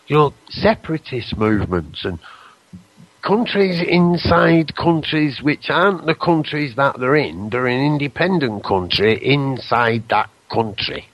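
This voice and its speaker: A man hosting a radio show, talking in a rambling, excitable, self-deprecating way close to his microphone. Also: mid-range voice, dry recording, rough recording. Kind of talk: casual radio chat.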